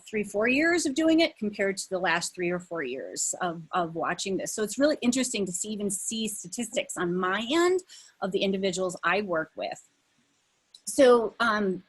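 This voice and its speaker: A woman's voice: mid-range voice, breathy edge. A woman coach giving a conversational webinar presentation over a video call, with many fillers and some emphasis. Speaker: leadership coach.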